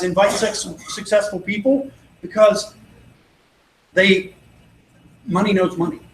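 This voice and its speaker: High-pitched and a bit bright, this man's voice fills an echoey event venue with faint noise behind it. He's a network marketing trainer running a motivational sales training talk, using stories where he confidently and persuasively plays out both sides of each dialogue.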